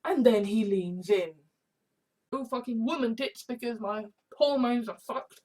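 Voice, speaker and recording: A woman's voice: on the high side, a little slow, warm tone. A woman vlogger talking casually to camera in a rambling, exasperated way, swearing freely. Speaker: YouTube vlogger. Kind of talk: casual vlog monologue.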